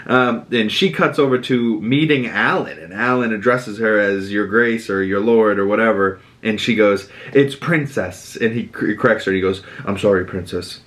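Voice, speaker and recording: A man with a Boston accent recapping a TV episode as a podcast host, animated and sweary, acting out characters' lines. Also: moderate pace, hardly any pauses. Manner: animated, quotes characters with dramatic pitch jumps and swearing. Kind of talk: casual recap monologue.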